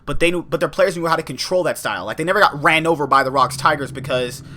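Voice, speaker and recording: A young man co-hosting a podcast, giving animated, teasing opinions in casual esports chat. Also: on the high side, fast. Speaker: podcast co-host.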